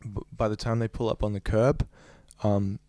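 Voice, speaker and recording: A man's voice: lowish voice, fairly even intonation, moderate pace, warm tone, no room sound. A man, a young adult musician, recounting a story in a casual interview with a rambling, filler-heavy way of talking. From Australia. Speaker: musician guest.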